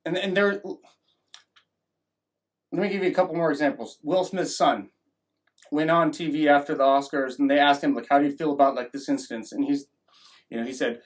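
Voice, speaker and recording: A man's voice: a little high, steady tone, brisk, long pauses. A man giving a rambling opinion monologue as a vlogger, often restarting and acting out mocking voices.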